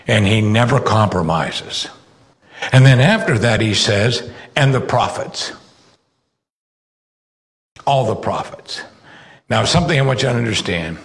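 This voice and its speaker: A man preaching to a congregation, telling Bible stories with lively energy. His voice swings widely up and down, climbing high whenever he quotes a character. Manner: animated storytelling, rising sharply when quoting. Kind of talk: sermon.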